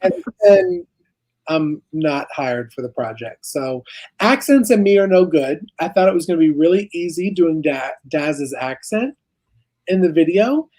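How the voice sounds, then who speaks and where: A woman's voice: deep voice, animated, measured pace, dark tone, poor audio. A young woman co-hosting a casual live chat, a chatty and self-mocking storyteller. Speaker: co-host of a ranch livestream.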